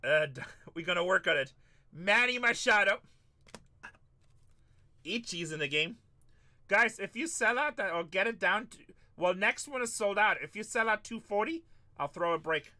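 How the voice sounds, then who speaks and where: A man's voice: high-pitched, animated, moderate pace, sharp tone. A man hosting a live-stream card break, calling out each pull and chatting casually with viewers. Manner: hyped, calls out pulls and chats with viewers.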